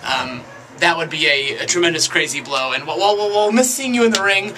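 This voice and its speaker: A man in his late twenties, a wrestler, giving a halting tribute full of fillers and restarts. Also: fairly high pitch, lively intonation, noisy background. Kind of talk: recorded tribute message.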